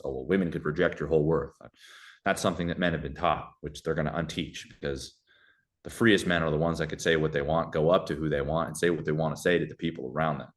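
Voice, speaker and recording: Young guy on a podcast, deep voice, talks fast, acts out little convos in different voices. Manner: animated, acts out dialogue in shifting voices. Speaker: podcast guest. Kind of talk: casual conversational advice.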